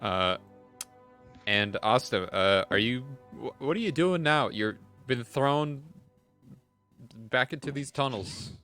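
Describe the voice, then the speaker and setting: Man, game master, chatty, lively pitch, bright tone. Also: slow, long pauses, soft background music. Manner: chatty, laughs often, many fillers. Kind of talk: narrating a tabletop game.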